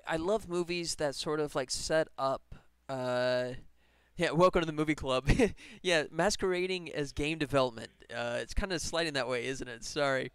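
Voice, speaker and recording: A man's voice: mid-range voice, a bit bright, smooth, no room sound. A man chatting casually on a live stream while working on a game, rambling and laughing as he talks. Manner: rambling, enthusiastic, laughs often.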